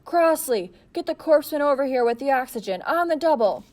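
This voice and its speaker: A commanding male Marine officer, voiced by a woman narrator barks orders loudly and firmly. This is a storybook reading. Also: mid-range voice, fairly even intonation, fast, vocal fry, close to an everyday voice. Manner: barking orders.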